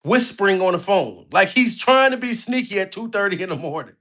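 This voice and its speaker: A man giving mocking, animated comic commentary on a clip and pushing viewers to like the video. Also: high voice, fairly quick. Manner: animated, mocking, begs for likes. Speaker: commentary vlogger.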